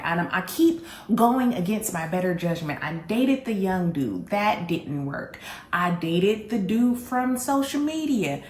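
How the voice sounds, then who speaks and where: A woman hosting a candid storytelling vlog, telling her story in an animated, blunt way and speaking straight to her audience. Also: fairly low pitch, unhurried, reverberant. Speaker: vlog host.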